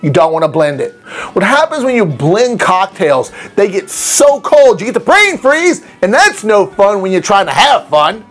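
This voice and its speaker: This cocktail recipe host speaks at a moderate pace in a high, fairly bright voice with big swings in pitch, faint music under him. His talk to camera is casual and playful, full of rambling tangents and goofy put-on voices.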